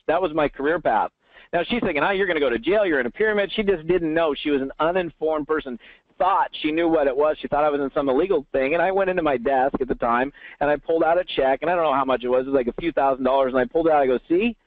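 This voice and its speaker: A man telling stories in an animated way during an interview, acting out the voices of people he quotes. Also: fairly high pitch, no room sound. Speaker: network marketing trainer, guest. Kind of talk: storytelling interview answer. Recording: tinny phone line.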